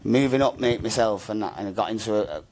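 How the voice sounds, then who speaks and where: An interview guest tells his story in a rambling, slangy way, repeating "mate" and "do you know what I mean" over and over. His voice is fairly low with a darkish tone and lively intonation, and he talks quickly. Slight background noise is present.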